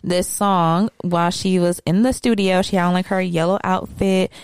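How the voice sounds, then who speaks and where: A woman with a smooth, resonant, mid-pitched voice chats casually as a podcast co-host. She tells stories with lively asides and mimics the people she talks about. The recording is close and dry. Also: moderate pace, dry recording. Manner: animated storytelling, mock-sings and acts out quotes. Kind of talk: casual chat.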